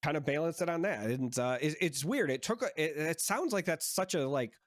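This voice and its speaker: A man's voice: a little high, expressive, brisk, no room sound. Rambling male podcast co-host, dry sound. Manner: rambling, thinks aloud with frequent restarts. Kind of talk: casual chat.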